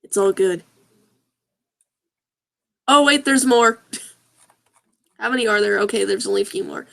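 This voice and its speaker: A woman's voice: medium pitch, a little slow, creaky, fairly bright tone. A woman hosting a video, reading awkward fan fiction and comments aloud in a casual comic way, often laughing and sounding puzzled as she stumbles over the text. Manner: giggly, breaks into laughter while reading.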